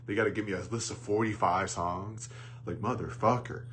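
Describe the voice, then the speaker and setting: A man talks through a film in a loose, rambling rant, swearing often and trailing off into fillers and restarts. His voice sits on the low side. A faint hum runs underneath the recording. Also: steady tone, moderate pace. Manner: bursts into loud mocking jokes. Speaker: movie reviewer. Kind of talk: casual rant.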